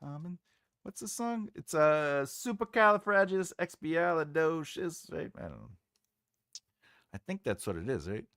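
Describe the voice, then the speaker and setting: Slow, animated man chatting on a livestream. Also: on the high side, gravelly, dry recording, studio quality. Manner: rambling, trails off searching for names, laughs often. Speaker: writing livestream host. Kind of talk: casual livestream chat reading comments.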